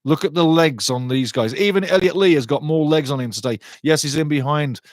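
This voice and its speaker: A middle-aged man hosting a live match watchalong, commentating on play and chatting with viewers in a lively, excitable way. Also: fairly quick, no echo, clean studio sound. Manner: excitable, chatty, rises in pitch and volume on attacking play. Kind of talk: live fan commentary with chat reading.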